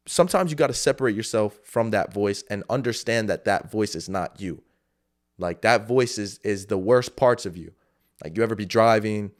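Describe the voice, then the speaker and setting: A man talks alone on his podcast in a casual, motivational way, with plenty of fillers and curse words. His voice sits at a middling pitch, and he drifts from point to point as he speaks. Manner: loose, rambling, frequent swearing and fillers. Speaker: podcast host. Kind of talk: casual solo motivational talk. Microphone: camera setup.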